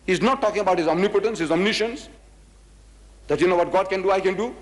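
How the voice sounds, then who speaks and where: A man from South Africa with a South African accent, giving an animated public lecture on religion. He speaks emphatically and mockingly, and reads scripture slowly and solemnly. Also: sits high. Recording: reverberant hall sound.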